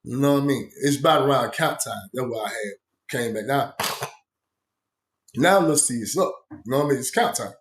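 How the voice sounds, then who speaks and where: A man's voice: mid-range voice, expressive, a little fast. A man casually telling a story from his own past, rambling with slang and many asides. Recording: echoey room.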